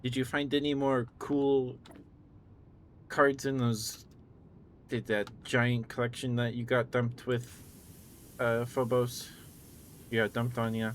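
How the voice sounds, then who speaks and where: A man streaming live, chatting in a relaxed way and thanking viewers, still groggy with a morning voice. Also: medium pitch, slow pace, long pauses, a little hiss or hum. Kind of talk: casual live-stream chat.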